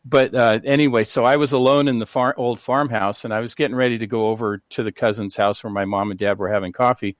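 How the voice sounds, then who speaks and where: A man's voice: mid-range voice, steady tone, fast, hardly any pauses, no echo, studio quality. An older American man, a guest on a radio talk show, telling rambling personal stories full of fillers and restarts. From United States. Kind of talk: casual interview storytelling.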